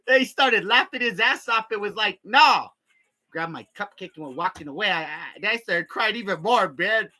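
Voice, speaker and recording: A man's voice: high voice, lively intonation, moderate pace, hardly any pauses, pushed and bright. A young man improvising a crude comic story, rambling, cursing constantly and tagging lines with "man". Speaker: comedy vlogger.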